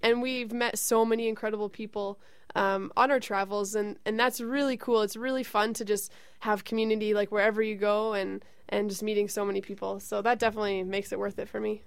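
A woman's voice: medium pitch, little pitch movement, fairly quick, clear, resonant tone, dry recording. A woman from Canada, a singer-songwriter, talking in a friendly, casual studio interview. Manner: friendly, with frequent fillers and laughs. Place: radio studio.

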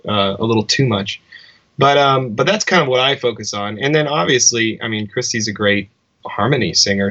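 Bright-voiced musician man, musing. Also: fairly low pitch, highs cut off. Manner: thoughtful, restarts often. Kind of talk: casual interview chat.

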